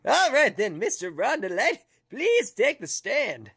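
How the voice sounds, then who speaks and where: Casting note: creaky old-man judge, high and wobbly, pitched way up, put on by a woman. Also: sing-song, measured pace, fairly bright tone, heavily acted. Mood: formal. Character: doddering old male judge.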